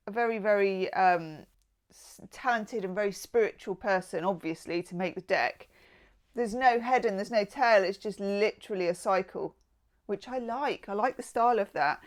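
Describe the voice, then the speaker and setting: A woman giving a casual tarot reading, chatty and digressive, with playful asides. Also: mid-range voice. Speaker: tarot reader.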